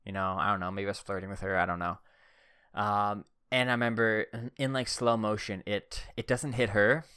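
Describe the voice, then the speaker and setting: A man's voice: on the low side, little pitch movement, normal speed, bright, forceful tone, clean tone, no room sound, clean studio sound. A young man telling childhood stories in a rambling, casual way, full of "like" and "uh". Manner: rambling, heavy use of "like" and "uh".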